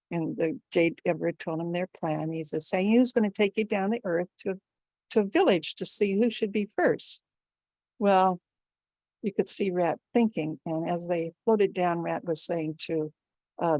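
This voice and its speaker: A woman's voice: on the low side, moderate pace, a little mellow, no room sound. A woman storyteller telling a folktale live at an online gathering, jumping her voice up for the animal characters. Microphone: video call.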